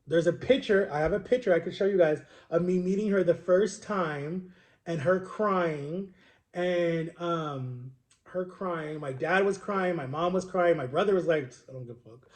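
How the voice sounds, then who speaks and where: A young man with a noticeably high voice chats through a long personal story for his vlog. He rambles and circles back, peppering his telling with "like" and "right?" as if talking to friends. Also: a little slow, darkish tone. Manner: chatty, rambling retelling full of "like" and "right?". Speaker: vlogger. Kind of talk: casual storytelling to camera.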